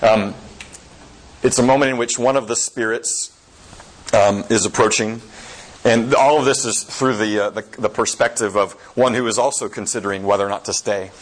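Man preaching, hesitant, halting. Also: on the low side, fairly even intonation, low-quality recording. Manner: hesitant, with many fillers and slow emphatic phrasing. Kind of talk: sermon retelling a story.

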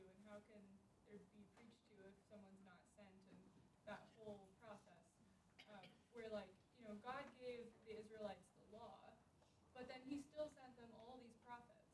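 A woman's voice: on the high side, steady tone, normal speed. Distant woman in a roomy, noisy space. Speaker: study group member. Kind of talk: group discussion.

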